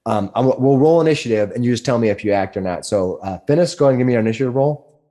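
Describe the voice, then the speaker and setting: A man at mid pitch runs a tabletop game, describing scenes and calling for rolls. He rambles and restarts his sentences as he goes. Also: lively intonation, quick pace, warm tone. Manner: rambling, with many restarts and fillers. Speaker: game master.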